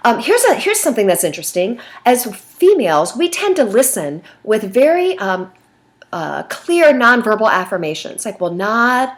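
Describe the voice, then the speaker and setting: A woman's voice: on the high side, very animated, normal speed. A middle-aged woman teacher giving a recorded lecture in a conversational way, with frequent fillers. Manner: conversational, with fillers and slide references.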